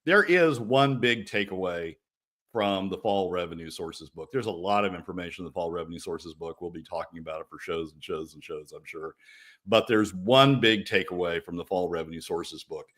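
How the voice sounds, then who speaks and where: A man's voice: low voice, moderate pace, a bit bright. A man as a radio guest on policy, fervent and repetitive, his voice jumping up when angered. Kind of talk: political talk radio commentary.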